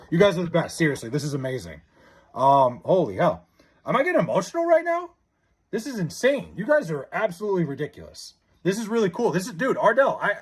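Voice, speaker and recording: A young man live-streaming, chatting casually and reading out viewer comments, excitable and stammering with frequent restarts. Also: on the high side, breathy edge.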